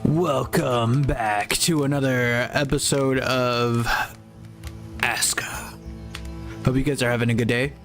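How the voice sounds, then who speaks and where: A man's voice: medium pitch, steady tone, measured pace, few pauses, soft background music. A tired young man hosting a game stream, rambling casually and swearing now and then while he sorts out the settings. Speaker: gaming streamer. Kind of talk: casual gameplay stream talk.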